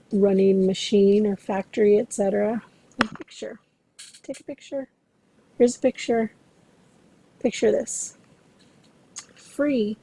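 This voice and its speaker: Woman lecturer, recorded class, mellow voice with some fry, steady explanatory delivery. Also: medium pitch, poor audio. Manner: explanatory, measured, addresses students directly. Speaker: interpreting instructor.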